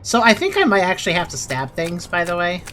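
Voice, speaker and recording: A woman's voice: on the low side, very animated, quick pace, fairly bright tone, a little hiss or hum. A woman giving casual, sarcastic commentary while playing a video game. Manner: sarcastic, critical. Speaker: let's play host.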